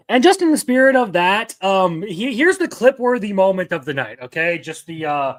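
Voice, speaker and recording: A man hosting a casual livestream, chatting with viewers and swearing loudly between laughs. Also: high voice, big pitch swings, moderate pace, few pauses. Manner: profane, loud outbursts and laughter. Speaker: livestream host.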